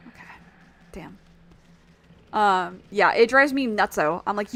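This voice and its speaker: A woman streaming a video game, chatting in a rambling, animated way and swearing freely. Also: medium pitch, slow pace. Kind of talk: casual gameplay chat.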